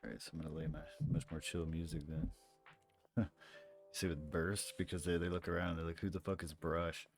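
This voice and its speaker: A man's voice: low voice, little pitch movement, fairly quick, vocal fry, soft background music. A man running a tabletop game as game master, laid-back and laughing often. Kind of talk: casual tabletop narration.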